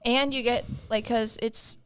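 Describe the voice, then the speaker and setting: A woman's voice: fairly high pitch, fairly even intonation, unhurried, a bit bright, a little hiss or hum. A young woman co-hosting a podcast in a casual, chatty way, peppering her talk with "like.". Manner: chatty, lots of "like". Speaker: podcast co-host. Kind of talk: casual chat.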